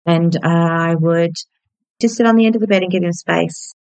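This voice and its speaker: A woman in her thirties hosting a podcast, telling a personal story in a reflective, gentle, candid way. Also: lowish voice, moderate pace, clean tone, dry recording, rough recording. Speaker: podcast host.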